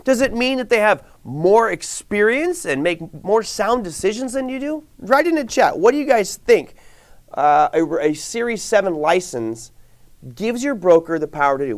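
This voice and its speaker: A man teaching a live online trading class, talking casually and answering viewers' chat questions. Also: on the high side. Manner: conversational, reads viewer chat aloud; animated, rhetorical questions. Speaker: trading instructor.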